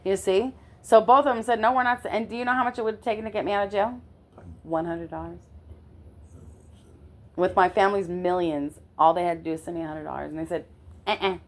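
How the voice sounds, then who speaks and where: A middle-aged woman telling a personal story in an animated way, often checking in with the listener. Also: lowish voice. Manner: animated, constantly checks in with "okay?".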